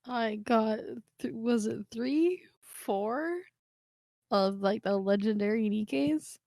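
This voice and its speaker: A woman's voice: a little high, takes it slowly, gravelly, mellow, no room sound, clean studio sound. Chatty woman on a casual podcast. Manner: chatty, easygoing storytelling. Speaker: podcast co-host.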